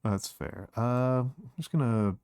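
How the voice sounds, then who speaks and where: A man's voice: mid-range voice, measured pace, a little mellow, clear, resonant tone, no echo, clean studio sound. A man hosting a stream, chatting casually and hesitantly with lots of restarts. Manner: hesitant, many restarts and fillers. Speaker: streamer host. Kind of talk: casual chat.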